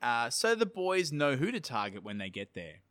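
A man on a podcast, talking loosely and cracking jokes as he retells a legend. His voice is bright and forward, his pitch swinging widely, and the sound is dry and close to the mic. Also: normal speed, no echo. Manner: animated, swearing, laughing, reads quotes aloud. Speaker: podcast co-host, storyteller. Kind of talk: casual comedic chat retelling a legend.

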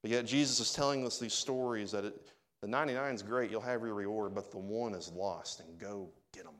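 A man's voice: lowish voice, a little fast, a bit bright. A man pastor preaching a sermon, conversational and speaking directly to his congregation.

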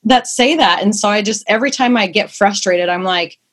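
A breathy young woman talks in a loose, rambling way, swearing casually as she goes. Her voice sits at a middling pitch with a husky edge. It sounds like a relaxed podcast conversation. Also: a little fast. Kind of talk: casual chat.

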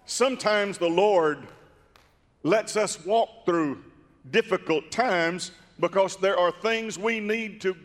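High-voiced preacher in a reverberant hall. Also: male voice. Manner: fervent, storytelling, rises to emphatic shouts. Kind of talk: sermon. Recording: long reverb of a large hall.

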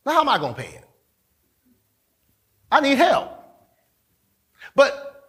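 A pastor preaching a sermon in a church, talking conversationally, repeating himself and calling on the congregation. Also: male voice, high voice, a bit bright. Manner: conversational, repetitive, calls on the congregation.

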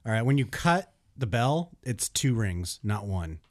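A man's voice: fairly low pitch, big pitch swings, a little slow. Laid-back male podcast host. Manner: rambling, laughs often, many fillers. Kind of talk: casual chat.

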